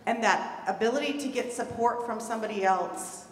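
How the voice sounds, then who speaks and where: This woman presenting at a conference talks at a moderate pace with hardly any pauses, her voice on the high side. Earnest and emphatic, she stresses and repeats key words, recorded far from the mic in an echoey hall with a faint hum.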